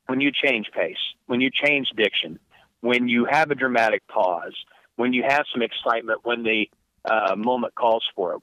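A man's voice: medium pitch, dry recording. Give me a man, a sports broadcaster, answering an interview over a narrow phone-like line with lots of restarts. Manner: reflective, many restarts, animated emphasis. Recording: dry, phone-like narrow sound.

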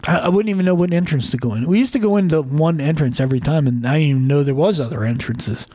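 A man in his thirties co-hosting a podcast, telling stories in an animated, swearing casual chat. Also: fairly high pitch, fast talker, dry recording. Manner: animated storyteller, swears freely. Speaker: podcast co-host.

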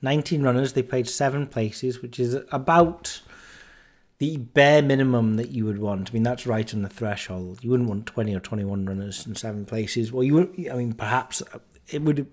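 A man's voice: mid-range voice, normal speed, a little mellow. A man in his forties hosting a podcast, telling a story about a night out in a casual, self-mocking way. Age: 40s. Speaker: podcast host.

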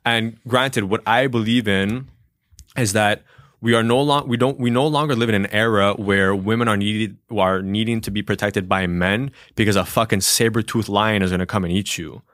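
A man's voice: lowish voice, steady tone, normal speed, a bit bright, dry recording, clean studio sound. A man co-hosting a podcast, talking in an emphatic, opinionated way and often restarting his sentences. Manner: opinionated, emphatic, repeats words when starting. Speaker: podcast co-host. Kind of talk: casual podcast discussion.

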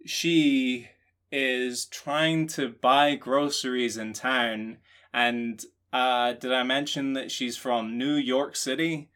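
A Scottish man co-hosting a podcast, riffing through jokes in a deadpan, rambling way. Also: medium pitch, takes it slowly, clean tone. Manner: deadpan, rambling joking riffs. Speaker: podcast co-host. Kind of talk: comedic casual chat.

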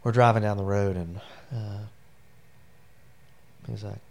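A man's voice: on the low side, steady tone, slow, vocal fry, pauses often, a little hiss or hum. A middle-aged man, a military veteran, telling personal stories as an interview guest in a rambling, heartfelt way with many fillers. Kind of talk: personal storytelling in a long interview.

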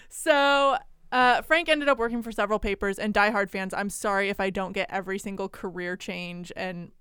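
A woman's voice: mid-range voice, fairly even intonation, moderate pace, bright, forceful tone, clean tone, dry recording. A woman co-hosting a podcast, telling a story in a chatty, jokey way with frequent giggles. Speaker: podcast co-host. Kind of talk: casual storytelling chat.

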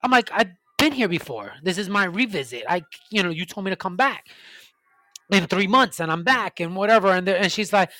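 A man's voice: sits high, lively intonation, fairly quick, pushed and bright, no room sound. Guy ranting and cursing about his doctors, dry close sound. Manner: profane ranting storytelling. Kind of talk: casual chat.

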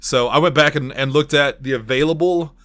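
A man hosting a podcast and chatting casually, loud and ranting, swearing freely. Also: fairly high pitch, brisk. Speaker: podcast host.

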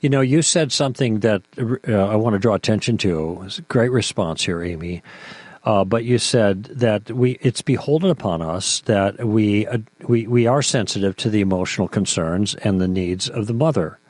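Forceful, indignant man, dry sound. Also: lowish voice, normal speed, no echo. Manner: forceful, indignant, rhetorical questions. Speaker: podcast co-host. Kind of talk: impassioned apologetics talk.

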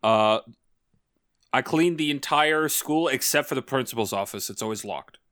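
A young man chatting casually on a podcast, rambling and halting, with lots of filler and swearing. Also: medium pitch, fairly bright tone, clear, resonant tone. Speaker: podcast co-host. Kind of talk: casual chat.

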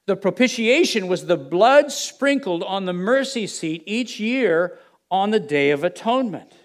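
Preacher, male, high voice, speaks to a congregation with rhetorical questions, hushed asides. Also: expressive, measured pace. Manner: drops to a low murmur for quoted dialogue, rises for emphasis. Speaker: pastor. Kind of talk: sermon.

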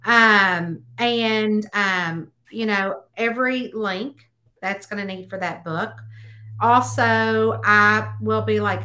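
A woman author chatting in a podcast interview, telling stories and acting out bits of dialogue with high, excited exclamations. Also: slow. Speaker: guest author.

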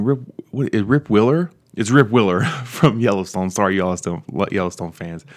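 A young man hosting a podcast, talking casually and rambling with many restarts as he gets animated. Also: lowish voice. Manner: rambling, self-interrupting, animated about movies. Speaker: podcast host. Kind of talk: casual solo monologue.

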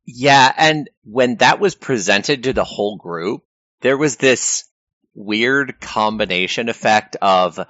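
Guy telling game stories, animated and laughy, dry close sound, kinda muffled recording. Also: medium pitch, takes it slowly, no room sound. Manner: lively storyteller, laughs often. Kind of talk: casual chat recapping a live-action game. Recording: dull lo-fi recording.

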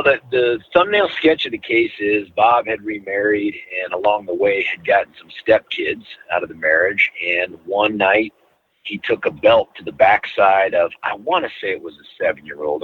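Middle-aged man, former prosecutor, measured storytelling, husky, tinny phone-like sound. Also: on the low side. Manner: measured, deliberate, stretches words for emphasis. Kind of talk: conversational interview storytelling.

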